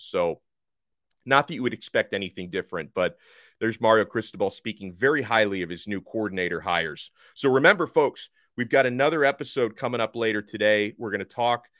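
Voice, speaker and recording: A man hosting a solo sports podcast, talking fast and with enthusiasm. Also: lowish voice, animated, fairly bright tone, dry recording, studio quality.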